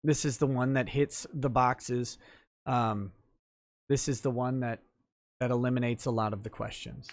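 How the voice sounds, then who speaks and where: A man's voice: medium pitch, fairly even intonation, measured pace, dry recording, studio quality. Man giving casual legal commentary. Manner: explanatory, thinking aloud with fillers. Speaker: livestream talk show host and lawyer.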